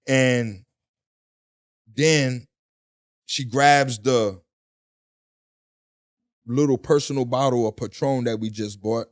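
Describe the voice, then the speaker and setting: A middle-aged man in a casual interview, telling a story in animated, profane street talk and acting out the voices. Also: mid-range voice, slow, pauses often. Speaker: guest.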